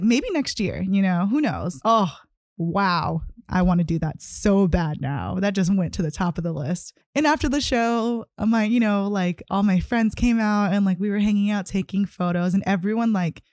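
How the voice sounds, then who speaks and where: A woman's voice: medium pitch, a little mellow, no room sound, clean studio sound. A young woman hosting a solo podcast in a casual, gushing way, full of "like" and "you know". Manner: giddy, gushing, heavy use of "like". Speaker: podcast host.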